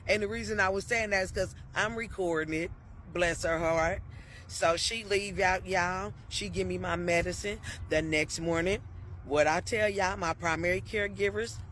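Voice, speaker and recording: A woman's voice: lowish voice, a bit bright, a little hiss or hum. A woman telling a personal story in a casual, chatty way, often laughing and turning to her listeners with "y'all" and "okay?". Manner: laughs often between sentences.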